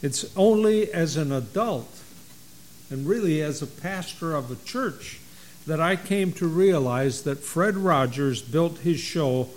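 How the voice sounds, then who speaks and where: A middle-aged man who is a pastor, preaching a sermon in a slow, folksy storytelling way. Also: mid-range voice, slight background noise, poor audio.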